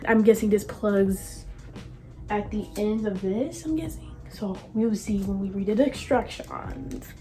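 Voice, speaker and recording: A woman vlogging casually from her room, excitable and gushing as she talks to her viewers. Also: medium pitch, measured pace, faint music behind. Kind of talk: casual vlog chat.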